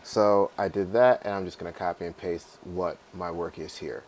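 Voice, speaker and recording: A man teaching a class how to add lyrics in notation software, talking casually with fillers and checking in with "right?". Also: sits low, fairly even intonation, normal speed, slight background noise. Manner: casual, repeats "right?" and fillers, sings melody snippets. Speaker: music teacher. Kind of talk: screen-recorded software tutorial.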